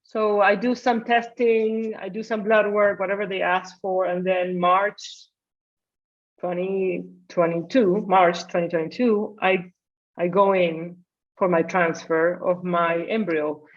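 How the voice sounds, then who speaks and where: Animated woman in her forties telling a story. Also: lowish voice, slow. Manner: animated, acts out her own past dialogue. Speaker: guest, family medicine physician. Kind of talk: casual storytelling interview. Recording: slightly muffled audio.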